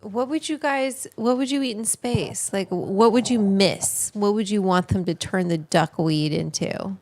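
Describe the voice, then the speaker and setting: A woman's voice: mid-range voice, measured pace, darkish tone, dry recording. A woman hosting a livestream, reacting to clips in loose, giggly casual chat and swearing freely. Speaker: livestream host. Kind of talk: casual live reaction commentary.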